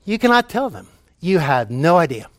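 High-voiced male preacher, dry sound. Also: big pitch swings, moderate pace, dry recording. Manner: tells jokes, repeats key phrases for emphasis. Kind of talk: sermon.

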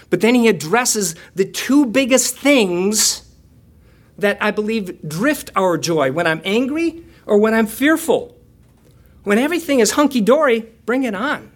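A chatty, self-joking male preacher. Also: high voice. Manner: conversational and self-deprecating, with playful asides and laughter; shifts between quiet reflection and lively storytelling. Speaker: pastor. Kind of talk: sermon.

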